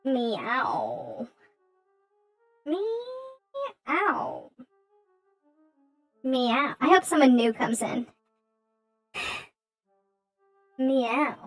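A woman streamer putting on a squeaky, playful cat-girl voice, tacking meows onto her sentences between giggles. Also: big pitch swings, very slow, pauses often, husky, faint music behind, heavily acted, rough recording. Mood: silly. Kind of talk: casual livestream chat.

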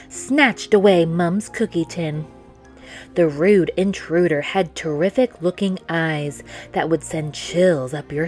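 Slow, gentle woman reading a storybook. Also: on the low side. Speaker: storytime reader. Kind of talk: children's book read-aloud.

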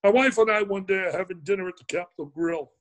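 An older man telling an emphatic, excitable story as an interview guest, repeating words for effect. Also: high voice, quick pace, low-quality recording.

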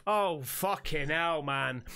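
A man's voice: fairly high pitch, slow, over music. A man hosting a reaction video, swearing and joking crudely as he comments on clips. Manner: crude, swearing, jokey and exclaiming.

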